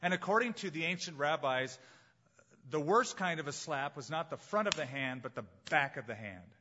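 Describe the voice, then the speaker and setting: A man preaching a sermon as pastor, emphatic and slowing down to stress key phrases. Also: on the high side, lively intonation, muffled recording, background noise.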